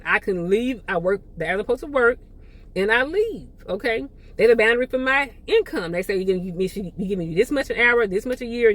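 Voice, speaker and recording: Woman host, relaxed conversational teacher, repetitive, acts out little quotes. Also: fairly high pitch. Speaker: podcast host. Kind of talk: teaching monologue.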